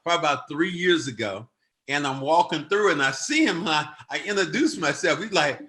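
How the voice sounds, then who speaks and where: In a slightly high voice at a fairly quick pace, an older podcast host chats casually, telling stories and loudly acting out quotes with animated gusto. A little hiss or hum runs under the recording.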